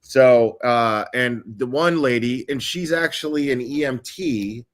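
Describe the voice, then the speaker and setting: A man's voice: medium pitch, a little slow. A male host on a casual livestream, explaining a timeline step by step with frequent ums and uhs.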